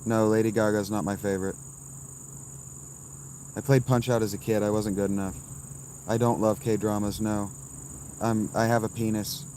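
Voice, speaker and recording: A man in his thirties with a lowish voice fires off short, blunt answers to his live chat, often brushing people off. He streams from a campsite outdoors, with faint insects and crickets humming behind him. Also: level tone, dark tone, a little hiss or hum. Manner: blunt, dismissive quick answers.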